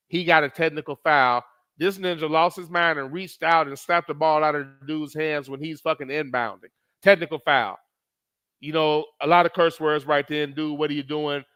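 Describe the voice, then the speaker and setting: A man's voice: high voice, sharp tone, no room sound, clean studio sound. A man talking casually about basketball, recounting plays step by step, teasing rival fans and cursing freely. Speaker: sports commentator. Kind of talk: casual sports talk.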